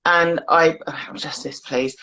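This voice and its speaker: Guest, female, from the UK; chatty storyteller, quick to laugh; lower voice. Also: steady tone, sharp tone, a little hiss or hum, rough recording. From United Kingdom. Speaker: guest blogger. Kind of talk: casual chat.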